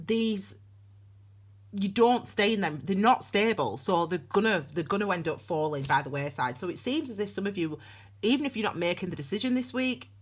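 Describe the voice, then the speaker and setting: A woman in her thirties gives a casual tarot reading straight to camera. Her voice swings widely in pitch, and she rambles warmly, laughs often and restarts her sentences. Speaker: tarot reader. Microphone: camera on desk.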